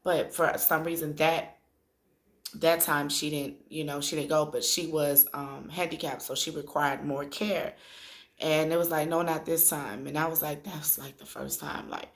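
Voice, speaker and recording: A woman in her thirties telling a personal story to her viewers in an emotional, chatty way, tearful after crying, with many pauses. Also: sits low, gravelly. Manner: conversational, addresses viewers directly, drawn-out filler pauses. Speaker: spiritual vlogger. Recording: echoey room.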